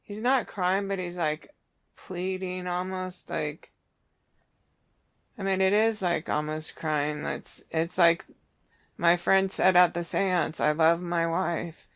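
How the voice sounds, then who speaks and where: Psychic reader, slow and halting, gravelly yet smooth tone, searching for words mid-vision. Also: mid-range voice, steady tone, fairly bright tone. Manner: halting, searching, many restarts. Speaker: psychic medium. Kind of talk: psychic reading, describing visions.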